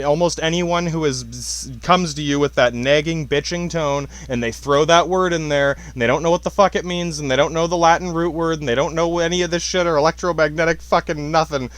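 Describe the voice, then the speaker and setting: A man's voice: on the high side, brisk, few pauses, no room sound. Rambling, profane podcast man. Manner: rambling, profane, laughs often, restarts. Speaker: podcast host. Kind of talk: casual solo podcast monologue.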